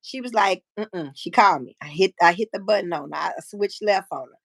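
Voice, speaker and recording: A woman in her fifties hosting a live stream, telling a personal story in a frank, profane, animated way and acting out what people said. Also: on the low side, a little fast, gravelly, dry recording. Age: 50s. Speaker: livestream host. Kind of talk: casual storytelling chat.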